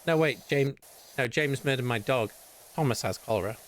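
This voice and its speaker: A man's voice: mid-range voice, moderate pace, slight background noise. A British man streaming casual chat, rambling and swearing often between laughs.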